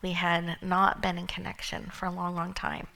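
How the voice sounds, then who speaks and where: A woman hosting an event and telling a personal story earnestly, at times softening almost to a whisper. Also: on the low side, monotone, normal speed, creaky, low-quality recording. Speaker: event host and speaker. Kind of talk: heartfelt personal storytelling talk.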